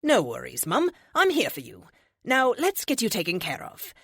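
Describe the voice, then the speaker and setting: A capable male AI, put on by a woman narrator, talks a hunted girl through her next steps. He sounds brisk and reassuring, with a lively lilt, in a dry close recording. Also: mid-range voice, gravelly, breathy edge, no echo, voice pushed up, heavily acted. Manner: brisk, reassuring, giving instructions. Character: calm, capable male AI helper on a phone.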